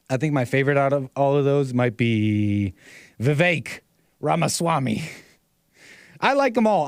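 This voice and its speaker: A man's voice: fairly high pitch, no echo, clean studio sound. A man hosting a call-in livestream show, talking casually in a rambling way, repeating phrases and chuckling often. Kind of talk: casual talk-show commentary.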